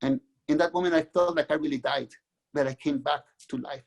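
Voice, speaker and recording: A middle-aged man from Mexico, a guest author, telling his own life story in an earnest, halting way with many restarts. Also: a little high, fairly even intonation, gravelly, husky. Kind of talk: candid personal storytelling.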